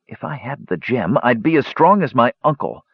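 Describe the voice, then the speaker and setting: Proud young mage, sneering and power-hungry, put on by a male narrator, lively pitch, dull lo-fi audio. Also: moderate pace, creaky, husky, no echo, full character voice. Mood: haughty. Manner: sneering, haughty.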